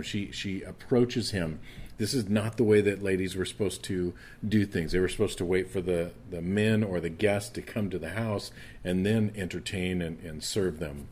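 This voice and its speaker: A man's voice: lowish voice, slightly rough. A man preaching a conversational sermon, reading scripture aloud and explaining it. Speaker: pastor.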